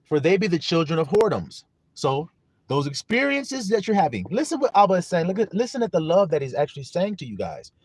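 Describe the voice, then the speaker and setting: A man with a high, sing-song voice preaches a livestreamed sermon a little fast, with a breathy edge. Emphatic throughout, he often asks listeners whether they understand and greets those watching in the chat.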